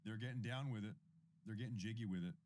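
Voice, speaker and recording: Talking fast in a lowish, darkish voice, an independent news livestream host in his thirties reacts to clips, rambles, repeats himself, and thanks viewers for super chats. There's a little hiss or hum on the audio.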